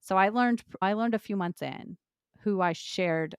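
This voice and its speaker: A woman's voice: mid-range voice, normal speed, smooth, no room sound, clean studio sound. A woman hosting a podcast, talking earnestly and with empathy about clients she counsels. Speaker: podcast host, lactation consultant. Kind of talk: podcast conversation.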